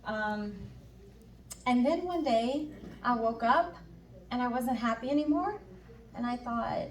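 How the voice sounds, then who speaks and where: A woman's voice: fairly high pitch, normal speed, distant mic, slight background noise. Candid woman speaking in an echoey hall. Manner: candid, acts out her own inner voice and dialogue. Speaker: conference speaker. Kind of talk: personal testimony talk. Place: conference hall.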